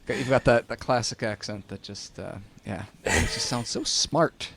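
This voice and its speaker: A man's voice: medium pitch, normal speed, gravelly, fairly bright tone, breathy edge. A man hosting a tech podcast in casual chat, rambling and repeating words, often laughing. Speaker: podcast host.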